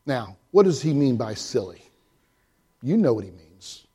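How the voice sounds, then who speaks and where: A male pastor giving a sermon, swinging from loud, high swells to quiet, hushed drops, and reading a story aloud with voices. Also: very animated, measured pace, slightly rough.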